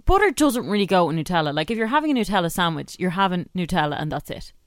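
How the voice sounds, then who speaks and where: A woman's voice: on the low side, sing-song, fast talker, no echo, clean studio sound. A young woman with an Irish accent, co-hosting a radio show in casual, emphatic chat full of likes and you-knows. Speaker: radio co-host.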